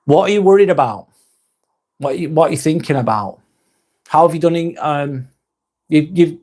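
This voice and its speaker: A man's voice: medium pitch, darkish tone. A man hosting a casual live vlog, reading viewer comments aloud and chatting back to them.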